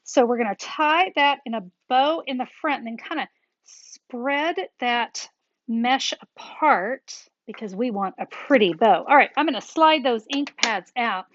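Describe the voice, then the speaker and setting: A woman's voice: on the high side, unhurried, fairly bright tone, no room sound, muffled recording. A woman hosting a step-by-step card-making tutorial, chatty and upbeat, talking straight to her viewers as she works.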